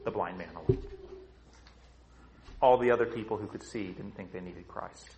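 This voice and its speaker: A man preaching a sermon to his congregation, swinging between loud, high emphasis and low, quiet stretches, and asking them rhetorical questions. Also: moderate pace, slight background noise, low-quality recording. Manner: emphatic preaching with big swings in pitch and loudness. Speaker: pastor.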